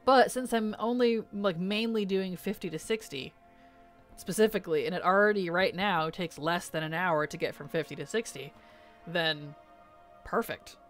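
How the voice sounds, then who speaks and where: A woman's voice: on the low side, moderate pace, faint music behind. A young adult woman live-streaming a game in casual chat, reading viewers' messages aloud, answering them and laughing often.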